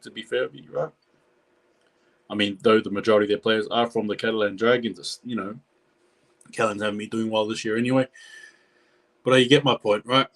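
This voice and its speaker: A man giving chatty live reaction commentary on a rugby league match, talking to his viewers. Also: fairly low pitch. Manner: chatty, excitable, talks to viewers.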